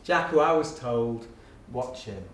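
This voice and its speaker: Speaking at a measured pace with a medium-pitched voice, an animated education speaker and guest shares lively classroom stories with an audience, laughing frequently and voicing his pupils. The audio is roomy and distant, with faint ambience and a little hiss or hum.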